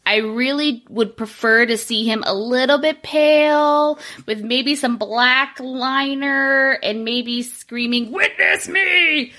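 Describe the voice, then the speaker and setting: A woman's voice: on the high side, fairly even intonation, slow, few pauses, a bit bright. Woman, podcast co-host, joking, irreverent, swears freely. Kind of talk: casual chat.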